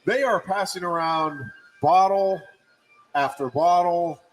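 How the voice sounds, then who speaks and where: Middle-aged male sports radio co-host, steady and wry, casual. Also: high-pitched, takes it slowly, rough recording. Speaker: co-host, wrestling play-by-play voice.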